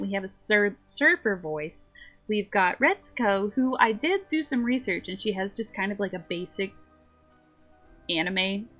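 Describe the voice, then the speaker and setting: A woman's voice: medium pitch, a bit bright. A woman from the Southern US chatting casually as she streams a game, giggly and rambling.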